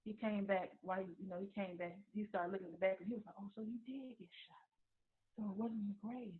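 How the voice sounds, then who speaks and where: A woman tells her own story as a personal testimony. She talks haltingly, restarting and repeating words as she goes. Her voice comes through a thin, phone-like recording. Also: medium pitch, fairly even intonation.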